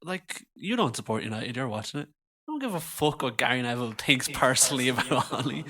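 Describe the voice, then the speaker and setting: Bright-voiced podcast co-host man. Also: mid-range voice, lively intonation, a little fast. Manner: laughs often, sarcastic asides. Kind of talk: casual chat.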